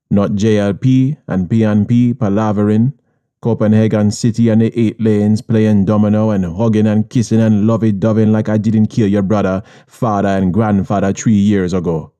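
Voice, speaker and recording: A man's voice: on the low side, mellow. A man with a Jamaican accent narrating an audiobook in first person, hard, streetwise and profane.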